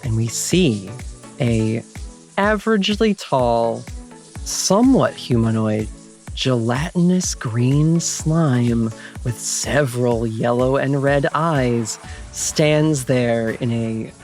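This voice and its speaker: A game master narrating a tabletop game, laying out each scene slowly and descriptively. The pace is leisurely, with faint music underneath. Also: mid-range voice, animated, a little mellow.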